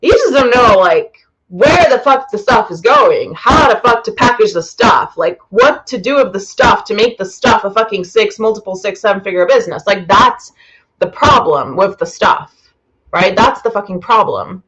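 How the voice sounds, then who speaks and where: A woman's voice: medium pitch, expressive, normal speed, fairly bright tone, poor audio. A woman business coach talking bluntly to a live audience, swearing freely and rambling. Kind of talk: live-streamed masterclass.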